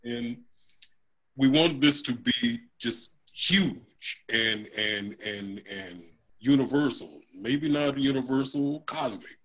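A man who co-owns a comic shop, explaining things in a halting way with many restarts. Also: medium pitch, lively intonation, a bit bright, low-quality recording. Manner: halting, lots of fillers and restarts. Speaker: comic shop co-owner, guest. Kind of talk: casual chat.

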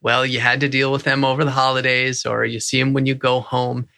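A male podcast host with a bright, forward voice, asking questions in an easygoing, searching way. He sounds close and dry, with no room around him. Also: mid-range voice, brisk, creaky, no echo. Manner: relaxed, searching phrasing with fillers. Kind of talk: interview questions.

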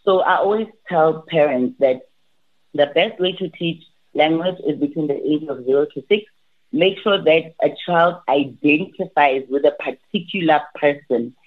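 A woman, a language teacher, giving advice in an interview, animated and often restarting her sentences. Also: deep voice, moderate pace. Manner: animated, repeats and restarts, acts out quotes. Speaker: language academy teacher, guest. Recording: tinny phone-like line.

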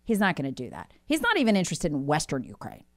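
A woman's voice: low-pitched, wildly swooping pitch, quick pace, no room sound. A woman speaking as a guest commentator, alarmed and insistent, often repeating words for emphasis.

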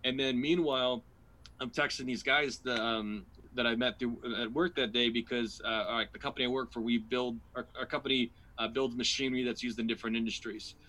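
A man's voice: medium pitch, brisk, rough recording. A man, a guest comedian, telling a rambling personal story in casual podcast chat, full of restarts and fillers and acting out his own past lines. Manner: rambling, animated anecdote with many restarts and fillers.

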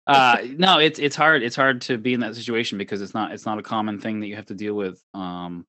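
Male co-host, lower voice, relaxed and measured, dry close sound. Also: no echo. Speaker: comedy show producer and sports official. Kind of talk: casual chat.

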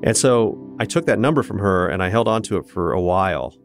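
A man's voice: deep voice, expressive, fairly quick, faint music behind. A man from Kansas in his fifties, an interview guest telling his own family story in an earnest, reflective and candid way. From Kansas, USA. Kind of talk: personal storytelling in conversation.

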